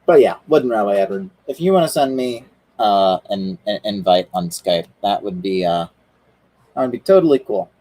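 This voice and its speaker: A man's voice: lowish voice, animated, normal speed, warm tone, dry recording, poor audio. A man chatting casually on a livestream, rambling with lots of fillers and restarts. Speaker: streamer.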